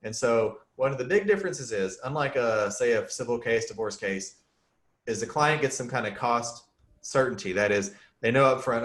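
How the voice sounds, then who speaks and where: A man's voice: mid-range voice, animated, normal speed, fairly bright tone. A man hosting a casual chat as a criminal defense lawyer, easygoing and joking, explaining things plainly with everyday examples.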